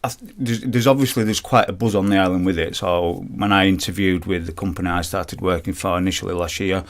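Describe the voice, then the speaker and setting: A man's voice: sits low, steady tone, fast talker. A man in his forties with a Yorkshire accent, chatting as a guest on a radio interview and often restarting his sentences. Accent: Yorkshire English. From Yorkshire, England. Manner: chatty, with frequent restarts and fillers. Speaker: guest, personal trainer.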